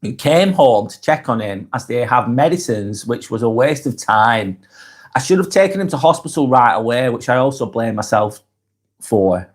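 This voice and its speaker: Husky, blunt man on a live stream. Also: medium pitch, expressive, normal speed. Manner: blunt, sweary, swings between brusque and reassuring. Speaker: live-stream host reading comments. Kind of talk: casual live vlog chat.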